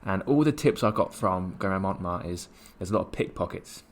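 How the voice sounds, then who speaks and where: Man, brisk podcast co-host, lowish pitch, rambling anecdotes. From England. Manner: animated, rambling anecdotes with many restarts. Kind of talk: casual storytelling chat.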